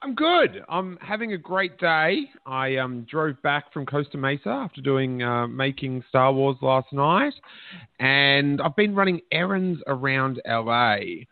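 A man's voice: medium pitch, big pitch swings, measured pace, dry recording. Chatty man on a tinny line. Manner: chatty, jokey storytelling. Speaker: podcast host. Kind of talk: casual chat. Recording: dry, phone-like narrow sound.

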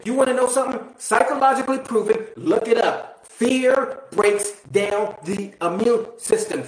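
Man, high voice, blunt, preachy, swears, motivational monologue, echoey room. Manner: asks the listener direct questions. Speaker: motivational speaker. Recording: roomy echo.

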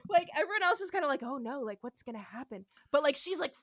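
Podcast cohost lady, swears a lot, acts out lines, high-ish and super bouncy, dry close mic. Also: normal speed, no room sound. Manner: profane, animated retelling with acted-out quotes. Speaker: podcast co-host. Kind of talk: casual chat recapping an episode.

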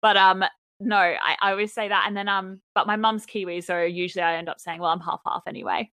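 A woman from Brisbane with an Australian accent, co-hosting a podcast in relaxed casual chat with many "like" fillers. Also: mid-range voice, fairly quick, dry recording. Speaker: podcast co-host.

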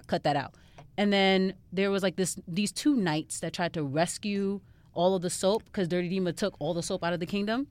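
A young woman, a parent of a toddler, chatting casually as a podcast co-host and telling lively stories in which she acts out what other people said. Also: fairly low pitch, no room sound. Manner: lively storyteller, acts out quoted voices. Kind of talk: casual chat.

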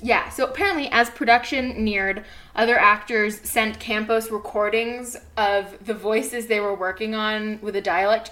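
A young woman with a slightly high voice co-hosts a casual podcast, reading an article aloud. She talks loudly and animatedly, trailing off into her own asides at a home podcast mic. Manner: loud and animated, laughing, trailing off. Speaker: podcast co-host.

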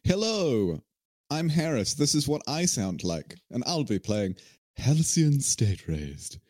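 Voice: medium pitch, big pitch swings, slow pace, a little mellow, dry recording. A player with a New Zealand accent, making wry, teasing remarks at the table.

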